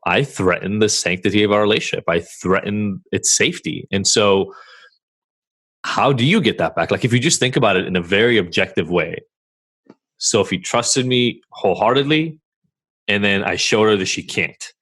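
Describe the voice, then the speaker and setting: A man co-hosting a podcast, speaking frankly and reflectively in a measured way with listeners. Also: on the low side, a bit bright. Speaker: podcast co-host. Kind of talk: candid conversation with listeners.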